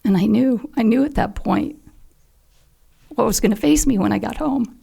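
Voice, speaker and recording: A little high in pitch, her voice has vocal fry, a dark tone and a breathy edge, at normal speed. She is an older woman, mother of a fallen SEAL, sharing a heartfelt personal story as a podcast guest and sometimes almost whispering.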